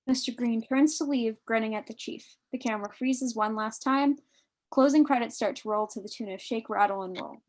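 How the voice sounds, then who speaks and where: A woman reading the stage directions in a live online script reading, clear and steady. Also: a little high, a little fast. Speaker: narrator of the stage directions and co-host.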